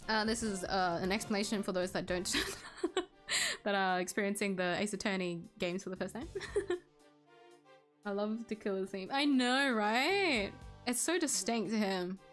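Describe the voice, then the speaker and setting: A woman chats casually while streaming a courtroom game, circling back with filler words. Her voice sits in a middle register. Soft music runs faintly behind her. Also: mid-range voice, lively intonation, measured pace, long pauses. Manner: chatty, with many fillers.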